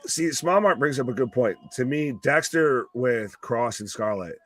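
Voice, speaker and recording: A man hosts a live wrestling watch-along stream, joking, swearing freely and laughing at his own lines in casual reaction chat. His mid-range voice is expressive and a bit bright, at a moderate pace, in a dry recording.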